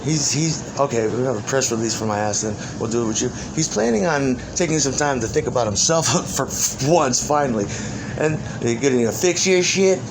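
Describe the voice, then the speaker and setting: A man's voice: mid-range voice, lively intonation, normal speed, noisy background. A man rambling through an improvised monologue in the persona of an ancient demon. He swears constantly, laughs between phrases and keeps restarting his sentences. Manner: profane, laughs often, restarts and trails off.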